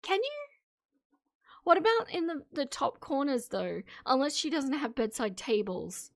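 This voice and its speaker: A woman's voice: high-pitched, big pitch swings, a little slow, dry recording, clean studio sound. A woman streamer giving casual, opinionated commentary to her live chat, laughing often between remarks. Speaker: streamer reacting to videos.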